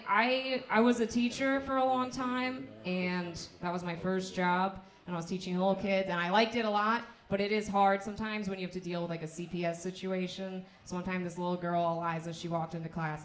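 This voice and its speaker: A woman's voice: lowish voice, fairly even intonation, brisk, hardly any pauses. A young woman doing a stand-up comedy set who keeps laughing at her own jokes and restarting her sentences. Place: comedy club stage. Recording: echoey comedy club.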